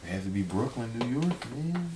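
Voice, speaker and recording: A man chatting casually on a podcast, relaxed and rambling, with lots of fillers. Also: mid-range voice, moderate pace, background noise. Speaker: guest rapper. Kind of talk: casual chat.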